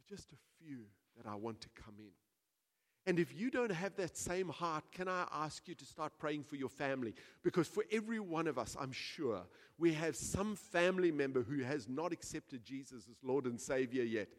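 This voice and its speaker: A man preaching a sermon as pastor, telling a story with big swings between hushed and loud delivery. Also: on the high side, lively intonation, normal speed. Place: church hall. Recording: reverberant church hall.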